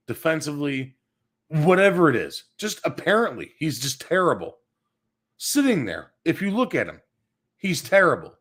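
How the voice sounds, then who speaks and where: A man's voice: fairly high pitch, fairly bright tone. A man hosting a sports show, ranting bluntly and crudely with plenty of cursing, smoking as he talks. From Chicago area. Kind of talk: profane sports rant. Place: home studio, smoking while talking.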